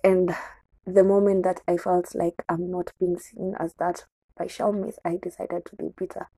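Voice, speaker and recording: Young kenyan woman, low husky voice, dry close sound, just talking honestly about her past. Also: little pitch movement, normal speed, mellow, no echo, rough recording. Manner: candid, code-switching into Swahili. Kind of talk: confessional personal storytelling.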